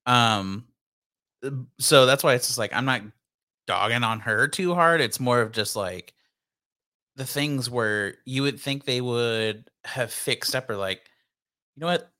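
A man's voice: medium pitch, unhurried. A young man co-hosting a casual podcast chat, laughing often and acting out quotes. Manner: laughing, animated, acts out quotes. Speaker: podcast co-host.

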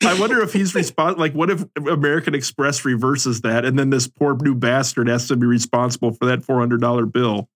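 A man's voice: medium pitch, brisk, few pauses. A man on a podcast teasing the others and tossing them questions in a casual chat. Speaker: podcast co-host.

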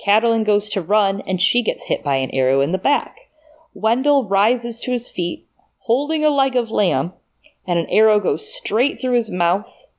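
A woman in casual podcast chat, thinking aloud as she walks through details. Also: medium pitch. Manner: thinks aloud, breaks down details with fillers and laughs. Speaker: podcast co-host.

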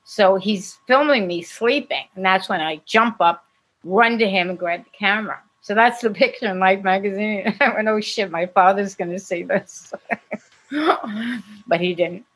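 An older American actress telling lively stories in a casual interview, laughing often. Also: female voice, medium pitch, normal speed, poor audio. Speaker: actress and guest.

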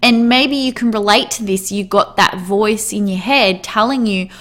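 A woman speaks in a relaxed, candid monologue, her voice sitting at an ordinary mid-range pitch. She rambles in a friendly way, peppering her sentences with "like" and quick laughs. A casual swear slips in here and there without any fuss.

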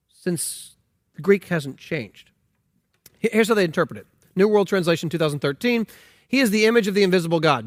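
Male pastor, high voice, emphatic incredulous sermon delivery, dry close sound. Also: no echo. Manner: emphatic, incredulous, with many restarts. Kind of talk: sermon on scripture.

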